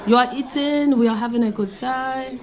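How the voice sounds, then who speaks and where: A woman's voice: sits high, moderate pace, very noisy, natural voice. Woman playing a pushy fawning suitor. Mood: coaxing. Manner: pleading, repetitive, clumsy flattery. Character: pushy smitten male suitor, adult, flattering and pleading. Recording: live club, loud crowd laughter.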